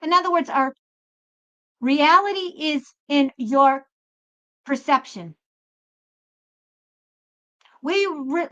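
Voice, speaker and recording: A woman with a high, sharp voice delivers an unscripted spiritual pep talk. She is blunt and emphatic and swears without holding back. The recording sounds a little dull and lo-fi. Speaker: tarot reader and spiritual channel host.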